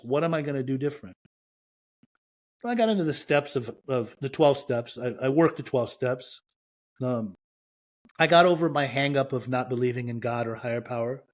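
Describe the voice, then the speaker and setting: Telling a personal story as a podcast guest, this middle-aged man from Iran speaks a little fast at an ordinary middle pitch. He performs the dialogue of those involved and lets real feeling show as he retells it.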